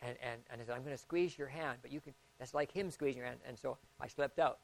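A pastor preaches a sermon in folksy storytelling style, acting out the voices he quotes and swinging between hushed and loud. He speaks at a quick pace with a medium-pitched voice and vocal fry.

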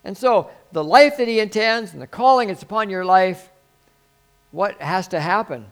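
A male pastor preaching a sermon in an earnest, conversational way, swinging from quiet asides to sudden emphatic lines. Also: high-pitched, expressive, normal speed, clean tone.

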